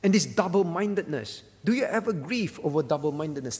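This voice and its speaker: A man's voice: a little high, animated, a little fast, few pauses, a little mellow, breathy edge. A man preaching at a prayer meeting as the pastor, earnest, repeating his phrases and quoting scripture. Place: church hall. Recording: church hall with long reverb.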